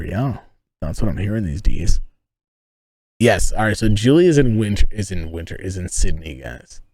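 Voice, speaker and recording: A man's voice: low voice, dry recording. A man from the United States live-streaming from inside a tent, rambling and joking with his viewers and swearing often. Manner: rambling, profane, joking, talks to chat. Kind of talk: casual live-stream chat.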